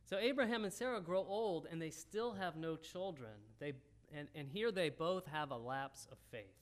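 A man with a slightly high, animated voice preaches at a moderate pace, teaching in a folksy, conversational style and speaking straight to the congregation.

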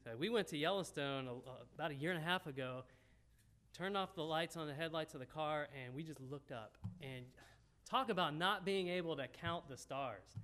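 A man's voice: sits high, fairly bright tone. A man preaching a sermon in a folksy, conversational teaching style, talking directly to the congregation. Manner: folksy, talks straight to the congregation.

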